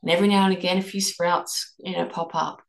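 A woman hosting a reflective podcast, leading listeners through a string of gentle questions. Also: fairly low pitch, steady tone, fast, creaky. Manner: asks many guiding questions, gentle restarts. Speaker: podcast host and eating coach. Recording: echoey room.

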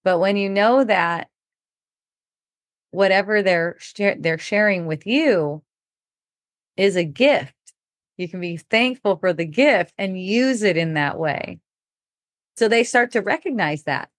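A woman's voice: medium pitch, animated, takes it slowly, pauses often, no room sound. A middle-aged woman telling a personal story in casual talk, laughing often and acting out what people said. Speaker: podcast speaker.

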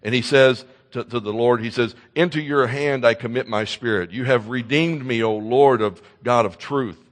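A man preaching a sermon in an earnest way, swinging between loud emphasis and soft, intense passages, often repeating words as he starts a sentence. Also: mid-range voice, normal speed, big-room sound. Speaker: pastor.

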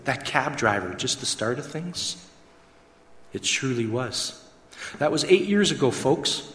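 A gospel mission worker gives an emotional testimony to an audience, acting out the dialogue like a dramatic storyteller. His voice is a little high, a bit bright, expressive and unhurried, ringing through an echoey hall with long reverb.

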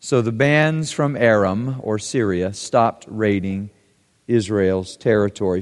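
A man's voice: on the low side, slow pace, clean tone. A male pastor reading scripture and preaching a sermon, with dramatic rises and drops in his delivery. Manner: dramatic reading, voice rising and dropping with the text. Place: church sanctuary. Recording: church hall with long reverb.

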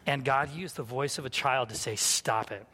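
A man's voice: medium pitch, a little fast, pushed and bright, breathy edge. A man in his thirties preaching a sermon, telling a personal story in a candid, self-mocking way. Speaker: pastor. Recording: long hall reverb.

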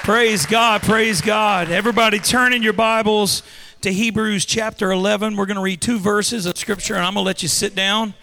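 A man's voice: high voice, fairly even intonation, a little fast, gravelly, sharp tone, big-room sound, a faint crowd, a little hiss or hum. A man preaching a sermon, leading call-and-response with the congregation. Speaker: pastor. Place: large church hall.

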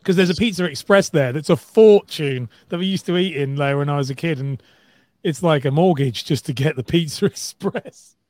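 A man's voice: on the high side, moderate pace, a little mellow, dry recording. A man from Liverpool co-hosting a casual podcast, telling rambling stories with many restarts and laughs. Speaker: podcast co-host. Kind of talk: casual chat.

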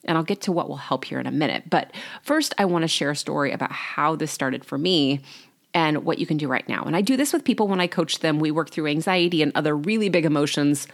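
A woman's voice: sits low, expressive, fast talker. A woman in her forties, a life coach hosting her own podcast, telling a candid personal story in a chatty way. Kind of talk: solo podcast monologue.

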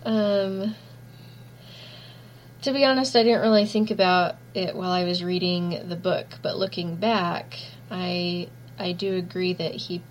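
A woman's voice: on the low side, steady tone, a little slow, a little hiss or hum, poor audio. A woman sharing her thoughts in a casual book discussion, reflective, with a few fillers.

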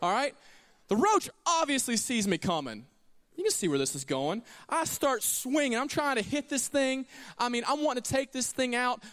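A male pastor preaching in a church, his fairly high voice swinging widely up and down as he tells stories and acts out what people say. A long hall reverb trails behind his words. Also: moderate pace. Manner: animated storytelling, acting out quoted lines. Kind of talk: sermon. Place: church sanctuary.

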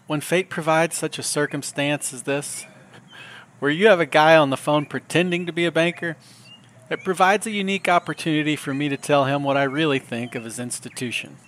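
Wry storytelling man, podcast host. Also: fairly high pitch. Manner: wry, deadpan. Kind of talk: comedic storytelling monologue.

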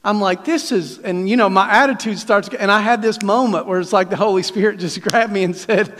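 Folksy high-voiced pastor preaching in a hall. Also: male voice, fairly even intonation, normal speed, fairly bright tone. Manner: folksy, conversational preaching with frequent restarts and asides. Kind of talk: sermon. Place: church sanctuary.

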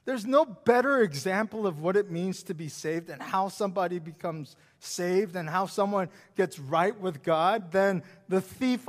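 A man preaching a sermon as pastor, with repetitive, emphatic phrasing that swings from loud emphasis down to hushed whispers. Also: high-pitched. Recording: long reverb of a large hall.

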